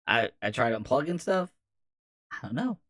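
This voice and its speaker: A man's voice: mid-range voice, big pitch swings, moderate pace, fairly bright tone. A man on a gaming live stream, exasperated and laughing while he tries to fix broken equipment. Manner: exasperated, laughing at the tech trouble. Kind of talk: live-stream casual chat.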